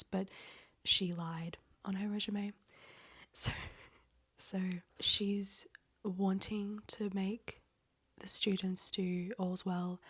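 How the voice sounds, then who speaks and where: A woman in a casual book-review vlog, talking in a breathy, near-whispered, slightly hoarse voice, chatty and rambling with casual swearing. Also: lowish voice. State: hoarse, voice cracking. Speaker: book vlogger.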